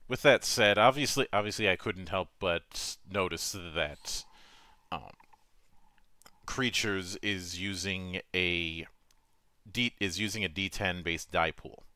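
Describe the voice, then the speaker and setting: A man's voice: low voice, slow, long pauses, bright, forceful tone, dry recording, studio quality. A man hosting a casual interview, often stumbling and restarting his words. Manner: stammering restarts, repeats words. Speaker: host.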